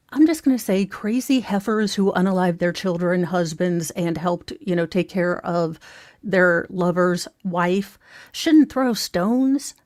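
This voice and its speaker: Female commentator, sarcastic and rambling, mid-pitched voice, dry close recording. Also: a little mellow, dry recording. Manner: snarky, mocking, rambling with asides; talks to her viewers. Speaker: true crime commentator.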